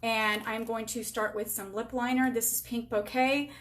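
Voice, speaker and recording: Demonstrating makeup on a casual live stream, this beauty sales rep in her forties speaks at a moderate pace in a slightly high, fairly bright voice with little pitch movement. She keeps up an upbeat, self-teasing chatter aimed at herself and her viewers as she works, captured by a camera with a halo light.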